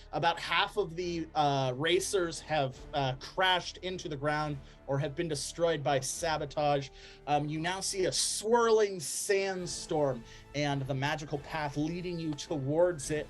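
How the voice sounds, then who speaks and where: A male game master narrating a tabletop race, voice sitting a little high. He talks in a relaxed way, filling pauses with ums and laughing often at his players. Soft music plays faintly behind him.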